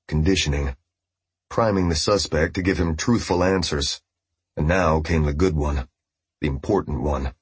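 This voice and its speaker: A man narrating an audiobook with steady, grave storytelling. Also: rumbling low, moderate pace, slightly rough, dry recording. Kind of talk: scripted narration.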